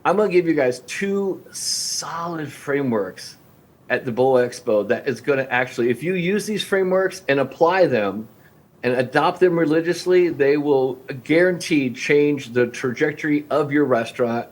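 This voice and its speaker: Man, 50s, podcast guest coaching restaurant owners; lively talker who acts out client calls, voice sits a bit high. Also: moderate pace. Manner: energetic, acts out phone-call dialogues with clients.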